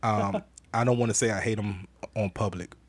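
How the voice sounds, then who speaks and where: A man's voice: lowish voice, fairly even intonation, normal speed, breathy edge, no echo. A man hosting a casual podcast live stream, reading out viewer comments with a playful, laughing manner. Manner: laughing, playful, repeats phrases. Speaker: podcast host.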